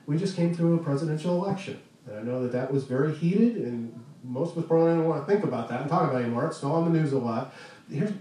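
Pastor preaching in an echoey church. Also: male voice, on the high side, dark tone. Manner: earnest, conversational preaching with pauses and restarts. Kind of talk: sermon. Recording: echoey room, distant mic, faint noise.

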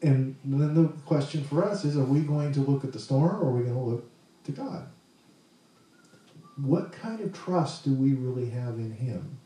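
A man's voice: medium pitch, animated, moderate pace, dark tone, very echoey, recorded from a distance, rough recording. A man preaching a sermon in a conversational way, asking the congregation questions as he goes. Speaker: pastor.

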